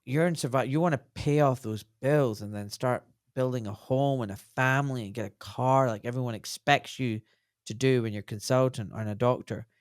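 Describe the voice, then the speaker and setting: A man's voice: mid-range voice, brisk, dry recording, studio quality. A man in his forties, a doctor and podcast guest, telling stories bluntly and animatedly, swearing freely in casual conversation.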